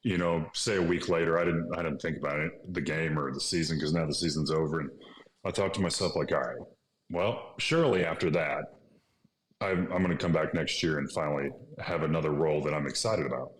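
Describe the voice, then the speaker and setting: Deep-voiced man telling a story. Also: brisk, a little hiss or hum. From Illinois, USA. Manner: animated, acts out dialogue, laughs often. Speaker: podcast guest. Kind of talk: casual interview storytelling. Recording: echoey room.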